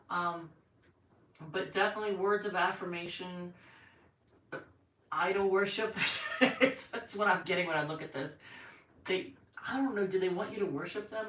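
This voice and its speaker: A woman's voice: medium pitch, moderate pace, a bit bright, recorded from a distance. A woman giving a rambling, chatty tarot reading on a live stream from home, thinking aloud as she goes. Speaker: tarot reader. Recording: echoey room, voice off-mic, faint noise.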